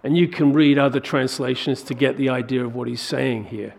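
A man preaching a sermon, working through a scripture passage with animated rhetorical questions. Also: medium pitch, a little fast, gravelly. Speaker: pastor.

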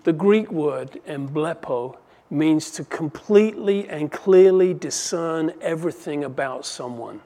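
A man delivers a sermon with a gravelly, slightly high voice. He reads scripture passages aloud and swings between emphatic stresses and hushed, reflective lines. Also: a little slow. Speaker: preacher. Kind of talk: expository sermon.

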